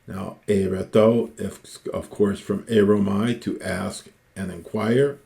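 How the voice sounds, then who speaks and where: A man teaching ancient Greek, reading Homer slowly and stopping to explain each word. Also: on the low side, fairly even intonation, gravelly, dark tone. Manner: slow, deliberate, repeats and parses each word.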